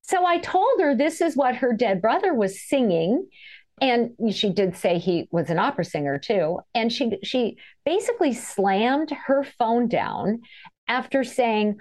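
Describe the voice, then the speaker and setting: A middle-aged woman, an author and guest in an interview, telling stories in a chatty, animated way and laughing as she goes. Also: fairly high pitch, measured pace. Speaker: author and energy healer guest. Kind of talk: casual storytelling interview.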